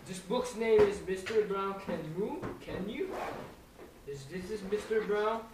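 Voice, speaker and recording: A high school student reading a picture book aloud to young children, slow and careful, with sound effects. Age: teens. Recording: echoey, distant, noisy.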